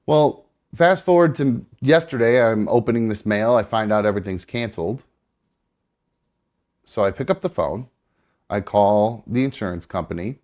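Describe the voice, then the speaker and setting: A man's voice: lowish voice, moderate pace, a little mellow. A man hosting a live show from a studio, telling a rambling personal story in casual chat. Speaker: podcast host.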